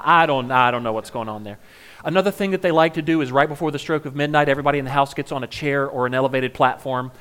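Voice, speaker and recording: A man's voice: mid-range voice, fairly bright tone. A man giving a comedic monologue, full of playful joking asides. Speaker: comedic speaker.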